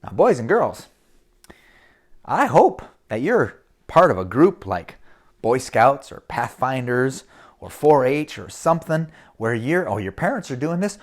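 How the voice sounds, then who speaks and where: Animated man telling children a story. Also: a little high. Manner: animated, dramatic, speaks to children.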